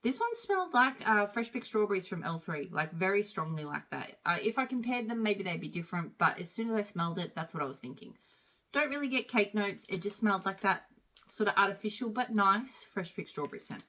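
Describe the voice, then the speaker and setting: A woman's voice: mid-range voice, lively intonation, a little fast, fairly bright tone. A woman chatting casually as she reviews wax melts, rambling with plenty of fillers. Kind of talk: casual product review chat.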